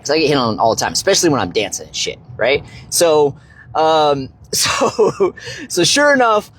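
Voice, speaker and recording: Profane young man telling a story. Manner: rambling, profane, constant "right?" tags; voice leaps high when excited. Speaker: fitness and finance creator. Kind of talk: casual storytelling livestream.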